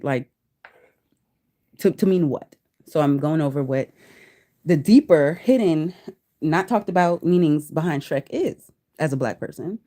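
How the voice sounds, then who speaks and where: A woman in her thirties hosting a casual livestream chat, reading search results aloud to viewers, laughing often and sounding out hard words slowly. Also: low voice, mellow. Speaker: livestream host.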